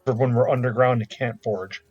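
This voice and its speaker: A man's voice: mid-range voice, steady tone, fairly quick, a little mellow, slightly rough, highs cut off. Hesitant man playing a tabletop game. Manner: hesitant, stumbles over names. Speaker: player. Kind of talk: casual game talk.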